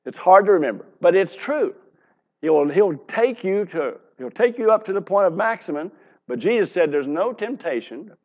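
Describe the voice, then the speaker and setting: Pastor guy preaching, kinda high voice, muffled lo-fi church tape. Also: lively intonation, moderate pace, darkish tone. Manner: preaching, reading scripture aloud with rising emphasis. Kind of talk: sermon.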